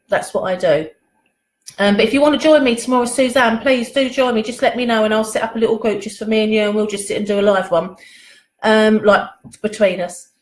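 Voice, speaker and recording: A woman's voice: fairly high pitch, reverberant, rough recording. A woman hosting a live pendulum reading at home, chatting casually and rambling, reading out viewer comments and laughing often. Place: at home, in a living room.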